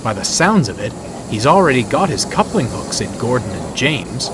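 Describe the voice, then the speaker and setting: A man's voice: medium pitch, very animated, moderate pace, heavy background noise, natural voice. A man voicing a proud, stern male steam engine with a proper manner.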